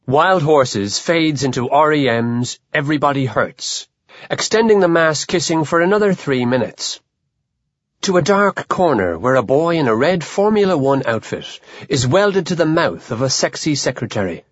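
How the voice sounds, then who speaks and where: A man narrating an audiobook in a wry, expressive way. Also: a little high, normal speed, dry recording, muffled recording.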